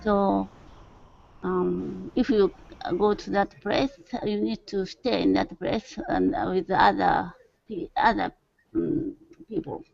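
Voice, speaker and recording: A woman's voice: mid-range voice, takes it slowly, gravelly, darkish tone, no room sound. A woman student in an online English class, speaking hesitantly and searching for words. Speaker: language student. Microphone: video call. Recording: dull lo-fi video call audio.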